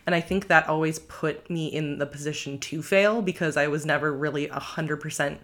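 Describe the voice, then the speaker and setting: Low-voiced gal in her 20s rambling on a podcast, says like a lot. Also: normal speed. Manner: rambling, many "like" fillers, reflective. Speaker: podcast co-host, YouTuber. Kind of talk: casual podcast chat.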